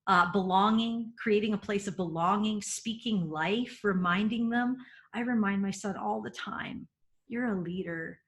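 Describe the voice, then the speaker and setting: A woman's voice: mid-range voice, unhurried, a bit bright. A middle-aged woman hosting a parenting webinar, talking earnestly and emphatically, laughing often and repeating words as she goes.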